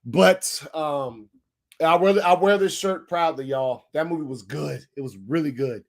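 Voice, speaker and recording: A young man hosting a daily live stream, chatting casually and excitedly with his viewers. His voice sits a little higher than most men's. He talks in loose slang and greets people in the chat as they arrive. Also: measured pace.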